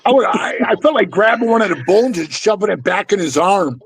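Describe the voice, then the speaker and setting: A middle-aged man tells stories in a loose, blunt way, swearing freely and calling his listener "bro". His voice sits high for a man. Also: lively intonation, fairly quick, husky, no room sound, low-quality recording. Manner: blunt, profane, keeps saying "bro". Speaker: former motorcycle club member telling stories. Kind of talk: casual storytelling chat.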